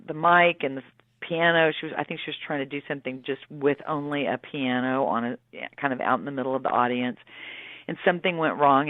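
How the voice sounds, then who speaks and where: A woman's voice: deep voice, no room sound. An American woman chats down a tinny, dry phone line in an interview. She laughs often and slips into voices to act out what others said. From United States. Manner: chatty, laughing, acts out quotes. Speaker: actress guest. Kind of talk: casual interview chat.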